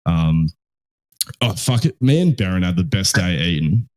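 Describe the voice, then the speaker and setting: A man's voice: low voice, lively intonation, moderate pace, darkish tone. A young man with an Australian accent hosting a podcast, telling rambling stories in casual chat and swearing constantly. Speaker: podcast host.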